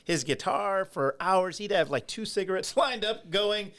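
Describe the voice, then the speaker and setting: A forty-something man chatting on a podcast. His voice is a touch high and recorded dry with no room sound. He rambles through stories with plenty of loose filler words. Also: expressive, unhurried, fairly bright tone, dry recording. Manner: rambling storyteller, many "like" and "you know" fillers. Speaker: podcast co-host. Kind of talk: casual chat.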